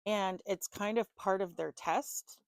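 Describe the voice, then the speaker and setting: A woman's voice: medium pitch, a little slow, no room sound. A woman giving a loose, chatty tarot reading to the viewer, full of fillers and casual swearing. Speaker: tarot reader.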